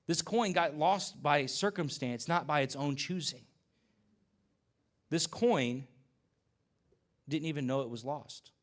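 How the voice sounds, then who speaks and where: A male pastor giving a conversational sermon, telling relaxed stories full of fillers and asides. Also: a little high.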